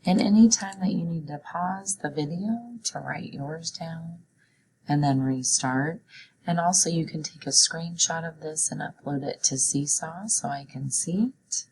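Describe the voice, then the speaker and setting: A woman teaching a children's phonics lesson, her voice sitting low for a woman. She moves slowly and clearly, pausing so kids can repeat and write. A faint room ambience hums underneath. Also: a little mellow, slight background noise, rough recording. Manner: slow, clear, encouraging teacher talk.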